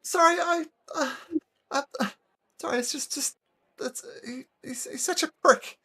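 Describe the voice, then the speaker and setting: Man doing a high squeaky halfling guy, nervous, stammering, pleading, slow worried delivery. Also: expressive, a bit bright. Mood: tearful. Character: nervous young male halfling merchant, jittery.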